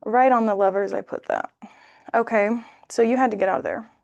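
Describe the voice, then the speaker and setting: A woman's voice: medium pitch, a little fast, creaky, no echo, highs cut off. Chatty woman giving a tarot reading. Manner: chatty, animated, acts out little voices. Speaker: tarot reader. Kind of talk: casual tarot reading to camera.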